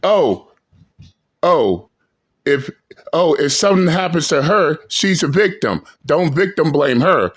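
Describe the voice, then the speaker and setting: A man hosting a reaction video, talking slowly and emphatically in a profane, ranting commentary. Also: fairly high pitch, very animated, slightly rough. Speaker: channel host reacting to clips.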